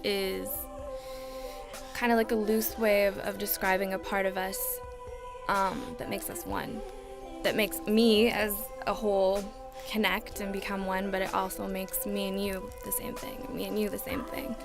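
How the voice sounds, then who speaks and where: A woman's voice: medium pitch, normal speed. A young woman, a singer-songwriter, talking casually in an interview with many fillers. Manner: relaxed, chatty, lots of "like" fillers. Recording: music playing underneath.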